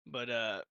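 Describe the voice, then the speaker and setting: A man's voice: mid-range voice, creaky, bright, forceful tone, dry recording, dull audio. A man co-hosting a podcast, casually recapping a movie with lots of laughter and profanity. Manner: laughing, profane, acting out quotes. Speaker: podcast co-host.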